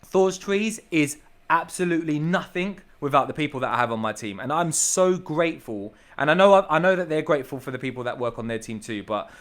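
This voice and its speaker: A man's voice: fairly high pitch, animated, brisk, a bit bright. A man, a business owner, talking as a podcast guest in an enthusiastic, emphatic way, repeating himself and calling the host bro. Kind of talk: casual podcast chat.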